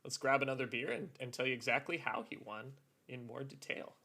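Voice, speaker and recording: A man co-hosting a podcast, telling stories in a relaxed casual way with plenty of filler words. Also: medium pitch, brisk, vocal fry, heavy background noise. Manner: relaxed storytelling, lots of "like" fillers. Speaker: podcast co-host. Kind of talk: casual chat.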